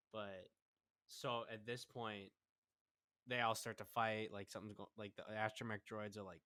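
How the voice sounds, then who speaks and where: A young man co-hosting a fan podcast, low-pitched and fairly monotone, in a dry, close sound. He walks through scenes step by step, pausing to explain and fix his own slips. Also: no room sound. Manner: recaps scenes at length, explains details, self-corrects. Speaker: podcast co-host. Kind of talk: casual fan discussion.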